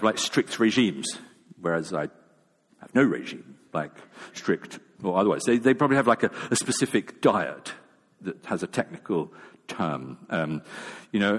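A man preaches a sermon in a low voice, chatty and self-deprecating, often stumbling over his words and restarting. His voice carries a long reverb, like a large church hall. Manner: conversational and self-deprecating, with many fillers and restarts. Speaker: pastor.

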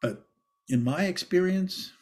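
An older man telling stories about a former teacher, rambling with many restarts and laughs, and sometimes acting out quoted lines loudly. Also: high voice, animated, a little slow. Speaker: interviewee recalling a former teacher. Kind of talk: anecdotal reminiscence.

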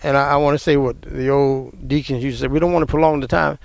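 A middle-aged man from the American South, telling a personal family story in an emotional, animated way and laughing often. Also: medium pitch, quick pace, gravelly, no room sound.

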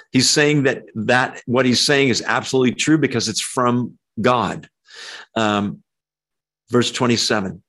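A man preaching a conversational verse-by-verse sermon, animated and jumping his pitch up when he acts out quoted lines, with frequent ums. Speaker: pastor. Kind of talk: expository sermon.

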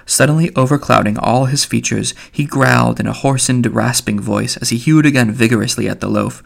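A man narrating literary fiction for an audiobook. His voice sits at a middling pitch with a gravelly, creaky texture. He reads in a measured way and sometimes stumbles and corrects himself. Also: steady tone. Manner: measured, with occasional slips. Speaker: audiobook reader.

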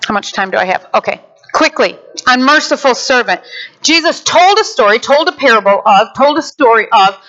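A woman preacher delivering a sermon with animated storytelling, acting out the characters. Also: on the high side, moderate pace. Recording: dull lo-fi sound.

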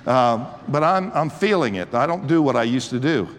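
A man's voice: mid-range voice, animated, moderate pace, long reverb tail. A man in his sixties preaching a sermon, swelling with fervor and often restarting his sentences. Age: 60s. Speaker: pastor.

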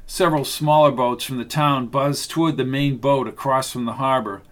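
A man reading a novel aloud as narrator, in a steady, measured way. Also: medium pitch. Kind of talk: audiobook narration.

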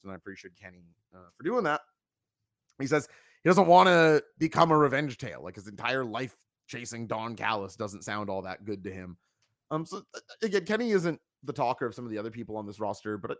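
A man's voice: mid-range voice, fairly bright tone, dry recording. Male podcast host, chatty, joking, dry mic. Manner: talkative, joking, plugs the channel. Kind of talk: casual review chat.

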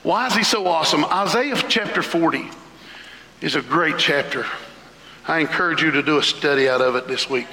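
A man preaching a sermon as pastor, fervent, shouting out lists and leaping up in pitch. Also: normal speed. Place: church sanctuary. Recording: echoey hall.

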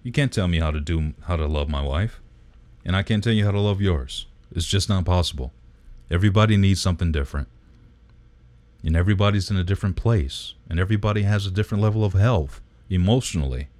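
A man with a remarkably deep, dark voice holds forth in casual podcast chat, emphatic and a little preachy, with curse words thrown in. The sound is dry and close with no room around it. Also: fast, no room sound. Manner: emphatic, preachy, sprinkled with swearing.

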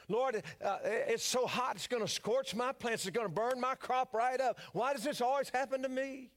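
A preacher puts on a grumbling Cajun farmer with a Louisiana accent, whining that everything goes wrong for him. His voice sits high and strained, in a sermon joke told to a congregation. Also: moderate pace, a bit bright. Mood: complaining. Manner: whiny, self-pitying. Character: grumbling middle-aged Cajun farmer, always complaining.

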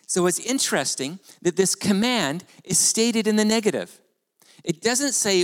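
A man preaching a sermon as pastor, animated and conversational, with rhetorical questions to the congregation. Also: high voice, moderate pace. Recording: long hall reverb.

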